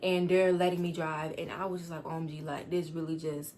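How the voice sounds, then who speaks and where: A teenage girl vlogger rushes through a storytime in a slightly low voice, rambling and upset as she tries to calm down. Faint noise hums behind her. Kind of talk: storytime vlog.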